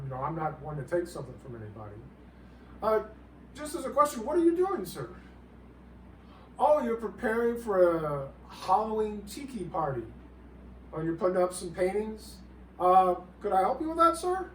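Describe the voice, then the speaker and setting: A man in a comedic monologue, rambling and halting while he keeps politely calling his listener sir. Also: sits high, a little hiss or hum. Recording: roomy, distant mic, faint background ambience.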